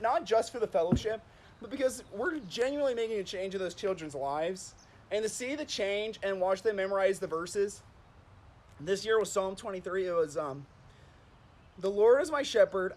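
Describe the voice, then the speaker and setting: A man's voice: high-pitched, moderate pace. A man chatting on a stream, telling stories in a rambling way, with lots of "like" and laughing at himself. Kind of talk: casual storytelling chat.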